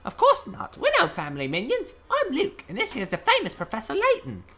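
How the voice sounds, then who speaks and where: A woman's voice: high-pitched, huge pitch swings, a little fast, fairly bright tone, voice pushed up, heavily acted. A woman voicing an eager, polite young boy apprentice, reading game dialogue. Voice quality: earnest, chirpy.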